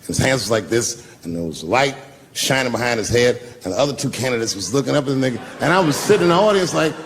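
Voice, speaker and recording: A man telling a profane, animated stand-up story and acting out the people in it. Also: mid-range voice, fast talker, big-room sound, a little hiss or hum. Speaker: stand-up comedian.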